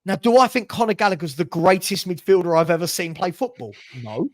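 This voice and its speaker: Man, high voice, passionate fan rant, repeats words, laughs between points. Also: animated, fairly quick. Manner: passionate ranting, repeats himself, laughs often. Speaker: fan channel host. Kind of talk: heated football fan chat.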